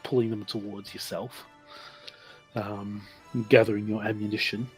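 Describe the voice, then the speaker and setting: A man's voice: fairly low pitch, little pitch movement, moderate pace, soft background music. A man with an Australian accent narrating a tabletop game as game master, hesitant and full of ums and sort-ofs.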